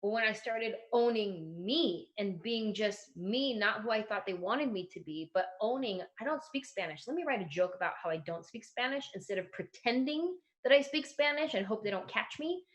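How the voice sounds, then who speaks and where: Woman comedian, 30s, mid-pitched, chatty and animated, acts out voices. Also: moderate pace, few pauses. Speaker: comedian guest. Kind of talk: casual interview advice.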